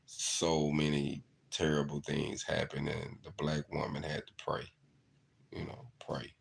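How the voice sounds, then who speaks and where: A man's voice: rumbling low, monotone, measured pace, vocal fry, breathy edge. A middle-aged man, earnestly telling stories in a reflective monologue. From southeast Arkansas. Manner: earnest, storytelling, repeats "you know". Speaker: channel host.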